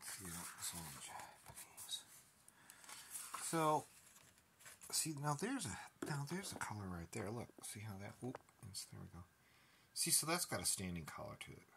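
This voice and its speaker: A man's voice: fairly low pitch, big pitch swings, moderate pace, creaky, long pauses, sharp tone. A man thinking aloud in a casual vlog, leafing through pattern books at home and trailing off into half-whispers. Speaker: fashion designer vlogger. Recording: noisy home recording with clicks.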